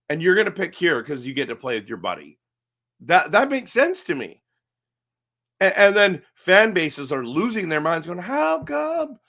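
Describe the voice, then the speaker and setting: Chatty middle-aged man, rhetorical questions. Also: fairly high pitch. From Canada. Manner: animated, conversational, rambling with restarts and rhetorical questions. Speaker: hockey fan commentator. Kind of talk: casual solo live-stream commentary.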